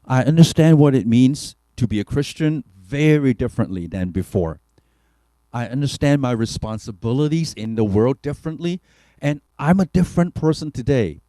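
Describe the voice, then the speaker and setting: A man's voice: mid-range voice, lively intonation, normal speed, mellow, dry recording. A man, a pastor giving an earnest, reflective testimony talk with hesitant fillers. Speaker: pastor and keynote speaker.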